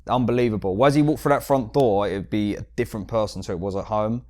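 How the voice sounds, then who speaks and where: Low-voiced London man recounting shop life. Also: fast talker. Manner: animated storyteller, mimics customers with sudden high bursts. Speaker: jewellery shop owner, guest. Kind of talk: casual podcast chat.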